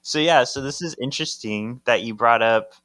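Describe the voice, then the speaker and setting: A man's voice: normal speed, fairly bright tone, dry recording. A man co-hosting a podcast, casually recapping a comic and voicing its characters' lines. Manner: reads comic dialogue aloud, acting out characters with big swings up in pitch. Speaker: podcast co-host.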